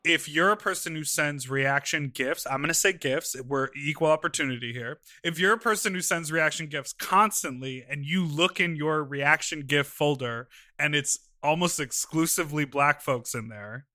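A podcast co-host with a very bright, slightly high voice talks in an animated, casual way, laughing as he goes. The sound is dry and close to the mic, with no room around it. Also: normal speed, hardly any pauses, dry recording.

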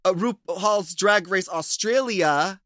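A man co-hosting a podcast, chatting in an animated, giggly way. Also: high voice, takes it slowly, no echo, clean studio sound. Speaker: podcast co-host. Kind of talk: casual chat.

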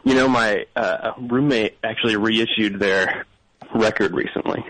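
A man's voice: on the low side, measured pace, fairly bright tone, poor audio. A man from Bloomington, Indiana, calling into a radio show, easygoing and a little hesitant. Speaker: caller. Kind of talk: casual phone-in chat.

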